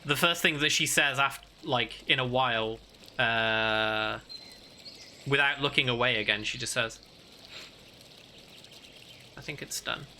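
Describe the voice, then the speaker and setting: A man runs a tabletop game, describing scenes in a loose, meandering way studded with filler words. His voice has a very bright, clear ring, with a faint hiss of noise underneath. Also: mid-range voice, unhurried. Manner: rambling, full of "like" fillers. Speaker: game master. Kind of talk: narrating a tabletop game, casual.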